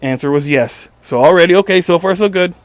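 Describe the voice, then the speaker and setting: This podcast host's voice sits high and moves fairly quickly, with no echo. Telling a casual story on his show, he swears, sounds sarcastic and exasperated, and frequently stammers through restarted sentences.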